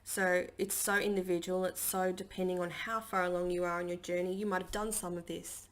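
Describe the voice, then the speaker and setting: A woman's voice: lowish voice, level tone, brisk, a bit bright. A woman giving a casual spiritual healing talk from her dining table at home, chatty and rambling with lots of fillers. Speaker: spiritual healer and channelling teacher.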